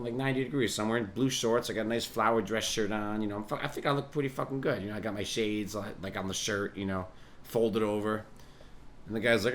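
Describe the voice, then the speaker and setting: A man hosting a podcast, rambling through a comic monologue with lots of swearing and quiet chuckles. His voice sits on the low side, and a faint hum lies under the recording. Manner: profane, meandering, chuckling asides. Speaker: podcast host and musician.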